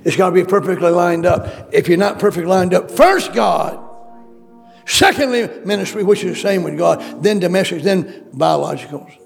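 A male preacher speaks at a moderate pace in a church, his gravelly voice sitting high. With faint music underneath, his sermon is emphatic and repetitive, full of questions called out to the congregation.

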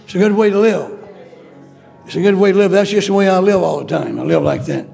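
Gravelly high-voiced preacher, pleading. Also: male voice, fast talker, warm tone, soft background music. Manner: pleading, repetitive, with bursts of pitch. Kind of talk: sermon.

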